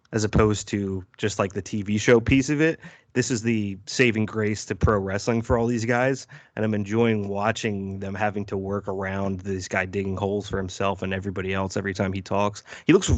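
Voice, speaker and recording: A man with a lowish voice gives blunt, profane opinions in a casual podcast chat, often stopping and starting over mid-sentence. His voice sounds close and dry. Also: no echo. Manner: opinionated, profane, halting with restarts. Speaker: podcast co-host.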